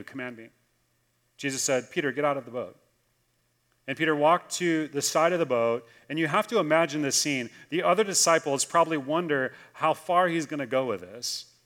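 Preaching man, a little high, slow emphasis. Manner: storytelling, slows for emphasis and drops soft on key lines. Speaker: pastor. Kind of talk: sermon.

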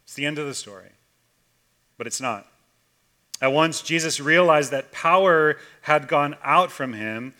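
Male pastor, bright and slightly high voice, casual storytelling sermon, swings loud to hushed. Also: unhurried, long pauses. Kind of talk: conversational sermon.

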